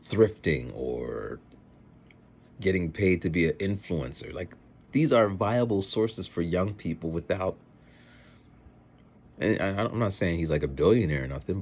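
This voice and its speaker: A man who teaches, chatting in a rambling, animated way in a casual vlog. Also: sits low, husky.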